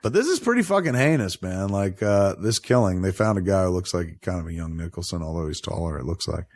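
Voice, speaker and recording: A man's voice: sits low, lively intonation, a little fast. A man hosting a podcast, riffing through casual commentary in a rambling, profane way. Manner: profane, rambling, laughing riffs. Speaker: podcast host.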